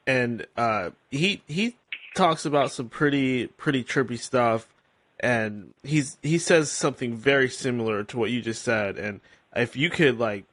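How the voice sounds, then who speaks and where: A man hosting a podcast, talking in a halting way with many fillers and restarts. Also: medium pitch, a bit bright. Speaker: podcast host. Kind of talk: casual podcast conversation.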